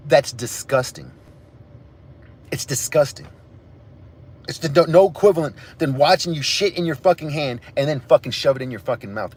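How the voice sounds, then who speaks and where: A man's voice: medium pitch, a little hiss or hum. A man hosting a livestream, ranting angrily and profanely at his chat. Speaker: livestream host. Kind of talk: angry livestream rant to chat.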